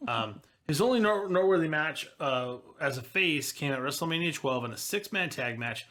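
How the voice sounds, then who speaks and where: A man's voice: a little high, expressive, moderate pace, bright, forceful tone. A man co-hosting a casual wrestling podcast, reading through history notes and adding wry asides. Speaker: podcast co-host.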